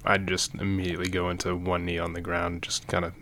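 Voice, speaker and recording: A man speaking as a player in a tabletop game, hesitant and quiet. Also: deep voice, completely flat delivery, fast, a little hiss or hum. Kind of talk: casual tabletop game chat.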